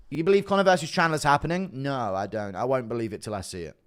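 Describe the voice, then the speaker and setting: A man's voice: mid-range voice, quick pace, clean tone. A young man chatting casually on a livestream, offhand and swearing, jumping between topics. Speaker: streamer reacting to chat.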